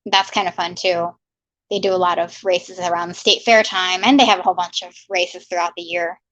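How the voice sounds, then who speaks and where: A woman's voice: on the low side, steady tone, fairly quick, a bit bright. A woman hosting a casual livestream, chatting and reading viewer comments aloud with upbeat greetings. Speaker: livestream host. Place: home in Maryland. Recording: slightly muffled, dry lo-fi sound.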